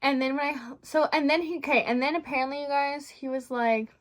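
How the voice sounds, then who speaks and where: A young woman vlogger telling a storytime rant in a blunt, profane, animated way. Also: sits high, brisk, hardly any pauses.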